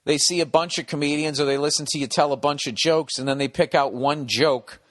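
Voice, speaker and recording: A man's voice: fairly high pitch, steady tone, brisk, fairly bright tone. A man hosting a podcast, reading out a listener's letter and riffing on it in sardonic, profane, rambling casual comedic chat. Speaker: podcast host.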